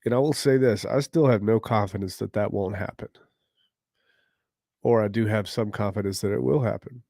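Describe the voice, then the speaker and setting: A man hosting a casual crypto livestream, greeting viewers by name in loose slang and often clearing his throat. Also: lowish voice, normal speed, warm tone, no echo, studio quality. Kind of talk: casual livestream chat, reading viewer comments.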